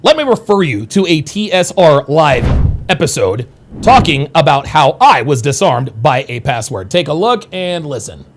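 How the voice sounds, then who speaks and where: A man hosts a solo advice podcast, talking straight to his listeners in an emphatic, lecturing way. His voice sits a little high and swings widely in pitch. He keeps checking in with a quick "okay?" or "right?". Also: very animated, slight background noise. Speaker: dating advice podcast host.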